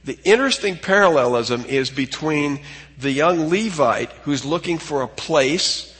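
A man's voice: a little high, expressive, a little slow, fairly bright tone, big-room sound. A man giving a conversational Bible study lecture, often repeating words as he starts a thought. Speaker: Bible teacher.

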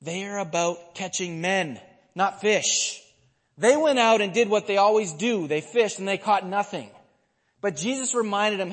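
A man's voice: high voice, a little slow, big-room sound. A man in his thirties, a pastor preaching a sermon, telling a story and asking the listeners questions.

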